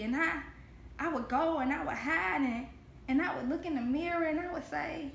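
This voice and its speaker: High-voiced earnest woman giving a devotional. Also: normal speed, vocal fry, a bit bright, a little hiss or hum. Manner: earnest and heartfelt, repeats phrases for emphasis. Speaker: devotional host. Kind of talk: spoken Christian devotional to camera. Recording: echoey room.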